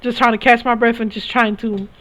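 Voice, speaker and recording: A woman's voice: fairly high pitch, little pitch movement, fairly quick, fairly bright tone. A young woman telling her own story in a candid, emphatic way, often restarting her sentences. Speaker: spiritual reader sharing experiences. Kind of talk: casual personal storytelling. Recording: dull lo-fi recording.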